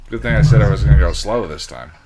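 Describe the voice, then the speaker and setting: A man's voice: lowish voice, fast, a loud crowd. A young man co-hosting a movie watch stream, making easygoing, dry remarks and laughing along. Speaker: streamer and co-host. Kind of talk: casual chat over a movie.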